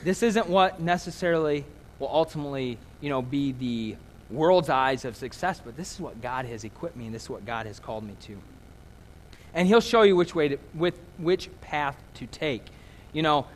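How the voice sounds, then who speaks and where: A pastor in his thirties delivers a conversational sermon, easing into anecdotes with self-deprecating humor. His voice sits a little high for a man. The sound hangs in a long hall reverb.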